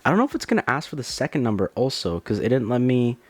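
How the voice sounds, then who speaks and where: A young man casually narrating a phone unboxing at home, excitable and rambling with many fillers and restarts. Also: mid-range voice, quick pace, dry recording. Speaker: tech vlogger. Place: dim room at home.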